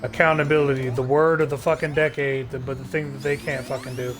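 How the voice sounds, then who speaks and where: A man's voice: mid-range voice, flat delivery, fast talker, fairly bright tone, soft background music. A man ranting sarcastically on a live stream, swearing often and stumbling through restarts. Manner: profane, heated, sarcastic ranting with frequent filler restarts.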